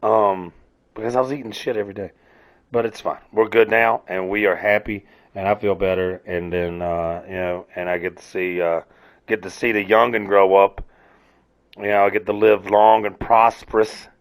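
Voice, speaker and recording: Low-ish voiced guy ranting solo, cussing a lot, rambly and laughing at himself. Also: little pitch movement, moderate pace. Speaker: podcast host. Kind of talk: casual solo rant.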